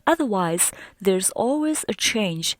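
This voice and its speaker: A woman's voice: medium pitch, expressive, no room sound, clean studio sound. A woman teaching a Mandarin lesson in English, speaking carefully and drawing out the sounds for students to repeat. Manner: drawn-out model syllables for students to repeat. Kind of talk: slow, careful language lesson.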